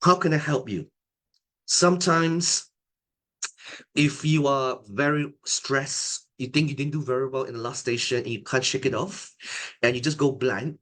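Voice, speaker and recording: Middle-aged man, medical exam tutor, calm deliberate lecture, mid-pitched voice, frequent restarts. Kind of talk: online teaching lecture.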